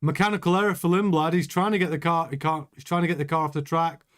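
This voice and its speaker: Guy hosting a livestream, kinda high voice, rambly chatty commentary, keeps restarting sentences. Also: fairly even intonation, fast, fairly bright tone. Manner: chatty, rambling, self-interrupting. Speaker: livestream host reading chat. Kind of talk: casual commentary watchalong.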